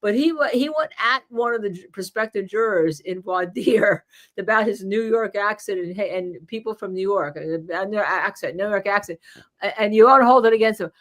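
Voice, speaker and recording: A woman's voice: mid-range voice, moderate pace. A woman with a New Jersey accent hosting a live legal panel over a video call, telling stories animatedly and laughing often. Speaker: legal show host.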